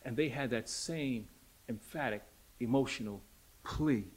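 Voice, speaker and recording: A man preaching a sermon, emphatic and dramatic, swinging between loud declarations and hushed lines and repeating rhetorical questions. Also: medium pitch, a little slow, breathy edge.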